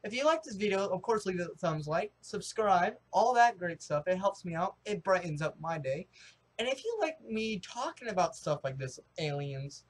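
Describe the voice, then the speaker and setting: Excitable high-voiced young American man. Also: moderate pace. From United States. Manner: rambling, excitable, with many restarts and fillers. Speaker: vlogger. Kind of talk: casual rambling opinion vlog.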